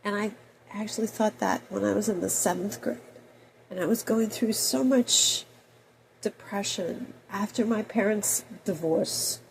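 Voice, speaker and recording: A woman in her fifties with a cold, talking in a rambling personal monologue that swings between loud outbursts and soft mutters. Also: medium pitch, measured pace, gravelly, a little hiss or hum, poor audio. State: has a cold. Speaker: video blogger.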